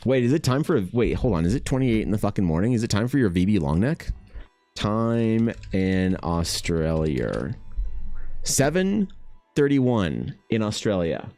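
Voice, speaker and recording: While drawing live, a man chats with his audience in a casual, profane, self-deprecating way and answers the chat. His fairly low voice is expressive and moderately paced with a dark tone, and faint music sits behind him.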